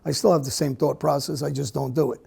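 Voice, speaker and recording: A middle-aged man gives a candid conversational interview, answering bluntly and haltingly with many restarts. His voice is very gravelly, dark and husky, held in a flat, narrow pitch range.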